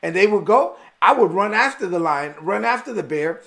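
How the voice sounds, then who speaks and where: An earnest, emphatic young shepherd warrior, played by a preacher retelling the story. His voice sits high, with a gravelly fry. He speaks with firm conviction, sure of his cause. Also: lively intonation, moderate pace, fairly bright tone, full character voice.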